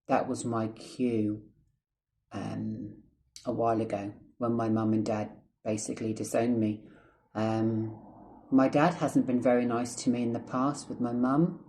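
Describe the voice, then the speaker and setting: A Scottish vlogger with a mellow, mid-range voice tells a rambling personal story in a casual vlog. He's chatty, swears a lot, and drifts off topic.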